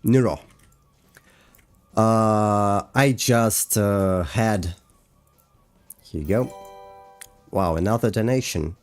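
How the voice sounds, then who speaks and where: A man's voice: on the low side, drawn-out words, long pauses. A man casually chatting on a livestream while walking through his animation work, hesitant with many fillers. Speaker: animator streaming a breakdown. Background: faint music.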